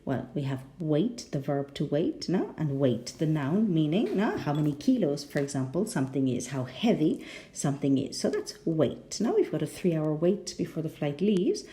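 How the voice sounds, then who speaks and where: A woman's voice: low-pitched, sing-song, moderate pace, mellow. A woman with a rhotic English accent teaching a pronunciation lesson, patient and often checking in with the learners.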